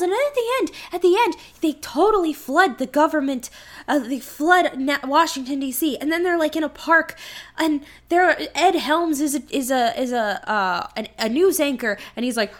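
A woman's voice: high voice, moderate pace. A woman co-hosting a casual podcast, ranting animatedly and swearing while retelling a movie. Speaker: podcast co-host. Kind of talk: casual chat.

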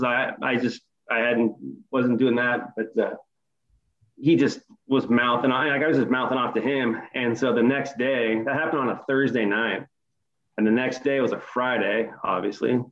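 A middle-aged man in casual chat, retelling a story with animated, profane energy. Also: medium pitch, muffled recording. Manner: animated, profane retelling, voice rising in quoted outbursts.

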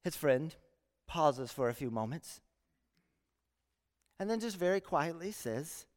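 High, clear-voiced man preaching in a church. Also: expressive, slow. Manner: storytelling with acted-out voices in jokes. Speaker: pastor. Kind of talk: sermon. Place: church sanctuary. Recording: reverberant church sanctuary.

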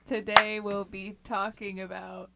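A young woman co-hosting a casual podcast chat, playful and quick to laugh. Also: mid-range voice, flat delivery, vocal fry, very noisy. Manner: giggly, playful. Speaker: podcast co-host.

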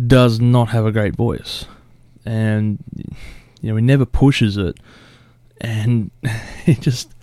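A man's voice: on the low side, darkish tone, no room sound, studio quality. A man casually reacting to a song cover, blunt and swearing often, with short laughs. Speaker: music reaction host.

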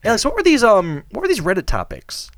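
A man hosting a podcast in casual chat, sarcastic and animated, laughing often. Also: high-pitched, fast, dry recording. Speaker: podcast host.

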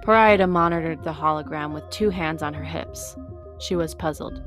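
A woman narrating a story audiobook at a steady storytelling pace. Her voice sits slightly low, and soft music plays faintly behind her. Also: moderate pace.

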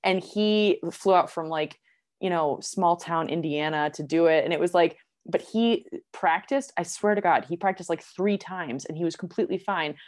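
A young woman chatting casually, her voice sitting a little low for a woman. She tells stories in a lively, rambling way, sprinkling in "like" and laughing often. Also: normal speed. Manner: animated, many "like" fillers, laughs while telling. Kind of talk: casual chat, storytelling.

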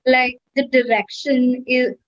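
A woman's voice: sits high, little pitch movement, slow. A woman co-hosting a casual podcast, earnestly laying out points with many fillers. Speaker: podcast co-host. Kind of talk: casual chat. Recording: dull, lo-fi recording.

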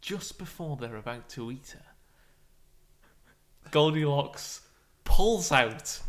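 A man co-hosting a casual chat, excitable and playfully stubborn in argument. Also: fairly high pitch, slow. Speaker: podcast co-host.

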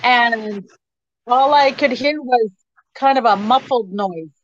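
Middle-aged woman recounting her own story in an interview, halting speech, slightly high-pitched, muffled lo-fi sound. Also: a little hiss or hum. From Canada. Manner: hesitant, halting with many ums. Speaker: interview guest. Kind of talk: personal storytelling.

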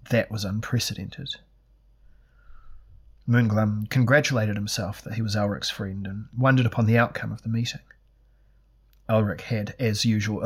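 A man narrating a fantasy audiobook in a measured, deliberate reading. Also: on the low side, husky.

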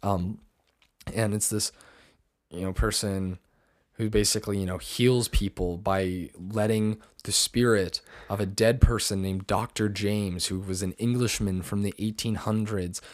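A man's voice: on the low side, steady tone, measured pace, dry recording, studio quality. A young man hosting a podcast, chatting casually and rambling, with lots of fillers. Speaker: podcast host. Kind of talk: casual chat.

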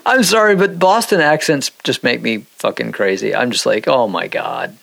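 Gravelly, animated podcast co-host man. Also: normal speed, no room sound. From Minnesota. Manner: animated, profane, jumps pitch when excited. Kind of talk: casual chat.

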